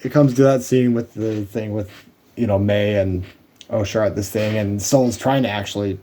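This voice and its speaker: A man's voice: on the low side, steady tone, normal speed, mellow, slight background noise. A man recapping a TV episode in a casual, rambling and sarcastic way, with many fillers. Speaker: show reviewer.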